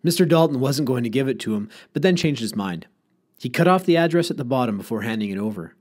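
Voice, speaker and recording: A man reading an audiobook chapter aloud in an expressive storytelling way. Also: medium pitch, fast talker. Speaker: audiobook reader. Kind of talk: audiobook narration.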